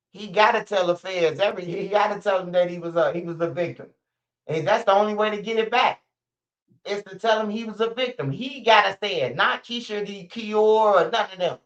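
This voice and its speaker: A man's voice: high voice, a bit bright. A man from Chicago with a Chicago accent, hosting a livestream and giving blunt, profane street-talk commentary. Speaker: livestream host. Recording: muffled lo-fi stream audio.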